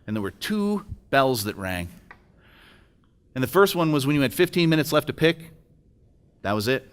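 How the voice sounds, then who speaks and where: A man's voice: medium pitch, very animated, moderate pace, smooth. A middle-aged man giving an emotional personal testimony at a breakfast event, telling a story and acting out the dialogue. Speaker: speaker at a business breakfast. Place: event hall.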